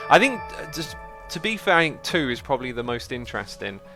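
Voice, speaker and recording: Bright-voiced man hosting a stream. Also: mid-range voice. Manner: calm, easygoing, thanks viewers at length. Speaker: livestream host reading chat. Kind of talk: casual livestream chat.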